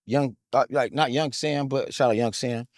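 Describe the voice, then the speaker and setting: A man in his thirties telling his story in an interview, excitable and hyped, full of "like, like" fillers, street slang and swearing. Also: medium pitch, moderate pace, no room sound, clean studio sound.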